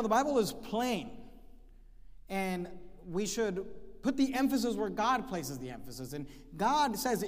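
A man preaching a sermon, emphatic, reading scripture slowly and repeating key phrases. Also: sits high. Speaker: pastor. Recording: long hall reverb.

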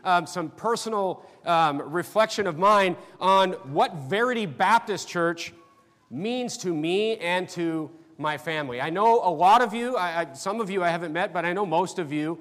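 A middle-aged man preaches in a fairly high voice, speaking casually and stumbling through fillers as he shares personal memories. His words ring out with the long reverb of a large church hall. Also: fairly bright tone. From North Dakota. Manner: conversational, halting with fillers and restarts. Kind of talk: sermon.

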